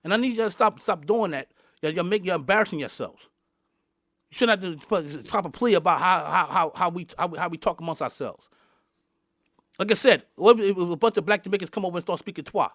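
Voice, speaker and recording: A man's voice: high-pitched, fast talker, a bit bright, dry recording, studio quality. A man hosting a podcast, delivering a fired-up rant and often repeating and restarting his words. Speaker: podcast host.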